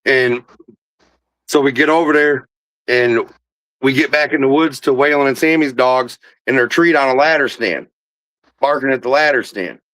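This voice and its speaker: A man's voice: mid-range voice, moderate pace, pauses often, fairly bright tone, no room sound, poor audio. A man hosting a podcast, telling a rambling, profane hunting story with laughs, in a casual chat. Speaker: podcast host.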